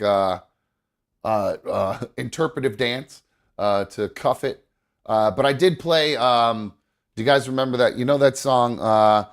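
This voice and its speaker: A man hosting a casual podcast, rambling with lots of fillers and restarts, sentimental and muttering to himself as he fiddles with his setup. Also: on the low side. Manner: sentimental, gets choked up. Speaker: podcast host. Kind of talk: casual chat.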